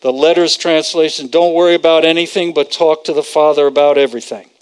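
A man's voice: on the high side, steady tone, fairly quick, clean tone. A man preaching a conversational sermon, repeating phrases for emphasis and quoting scripture.

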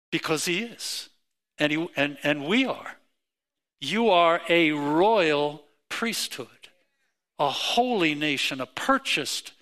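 Bright-voiced, slow, emphatic male preacher. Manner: emphatic preaching with rising pitch and repeated phrases. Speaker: pastor. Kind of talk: sermon.

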